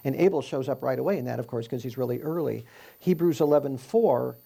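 A man's voice: medium pitch, brisk, gravelly, mellow, breathy edge. A man giving a conversational Bible teaching, explaining scripture verse by verse and asking rhetorical questions.

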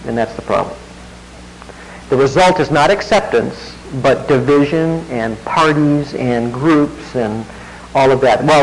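A man's voice: mid-range voice, slight background noise, low-quality recording. A man preaching a sermon in a conversational way, with wry asides to the congregation. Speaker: pastor.

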